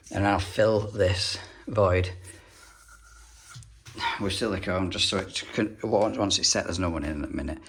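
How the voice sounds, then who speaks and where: This young English plumber's voice is on the low side, fairly bright, with vocal fry. He talks casually through a bathroom job in vlog style, dropping dry, grumbling remarks while he works.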